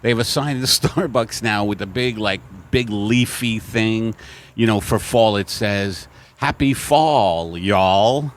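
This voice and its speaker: A man with a low voice hosts a podcast in a slow, deadpan, rambling way. He talks outdoors by a coffee shop. Faint ambient noise hums behind him. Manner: deadpan, rambling comic delivery. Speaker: podcast host. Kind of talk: casual chat.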